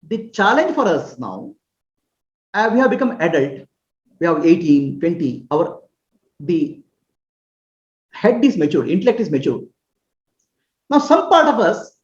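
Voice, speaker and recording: A woman giving a spiritual teaching, explaining patiently and often pausing to ask whether listeners follow. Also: fairly low pitch, sing-song, darkish tone. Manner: earnest, explanatory, often checks understanding with questions. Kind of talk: spoken teaching on self-acceptance. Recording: roomy, slightly dull recording.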